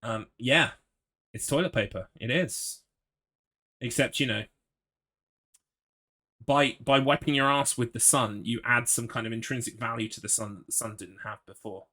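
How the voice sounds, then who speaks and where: A man's voice: mid-range voice, steady tone, normal speed, pauses often, pushed and bright. A man streaming a horror game, chatting with his audience in a rambling, swear-prone way. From United Kingdom. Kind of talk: gaming livestream commentary.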